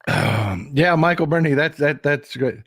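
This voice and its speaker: A man's voice: on the high side, lively intonation, unhurried, no echo, clean studio sound. A man hosting a casual political commentary livestream, folksy and repetitive, talking straight to his chat.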